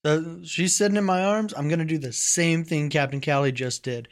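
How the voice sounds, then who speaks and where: Male player, somewhat high voice, relaxed and chuckling. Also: moderate pace. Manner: easygoing, laughs while rolling dice.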